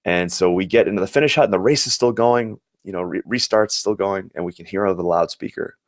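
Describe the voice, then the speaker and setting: In a dry studio recording, a low-voiced man speaks at a quick clip. A former Olympian from the United States in his forties, he tells thoughtful, sincere stories during an interview, often starting sentences over.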